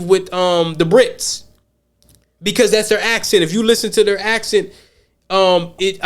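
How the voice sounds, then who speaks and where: An American man hosting a podcast, talking casually and rambling, often repeating words as he restarts. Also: high-pitched. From United States. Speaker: podcast host.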